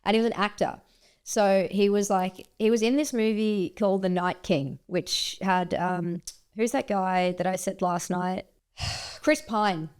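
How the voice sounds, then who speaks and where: An Australian woman hosts a podcast, chatting casually. She tells stories in an animated way and laughs often. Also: medium pitch, unhurried, clean tone. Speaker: podcast host. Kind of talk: casual chat.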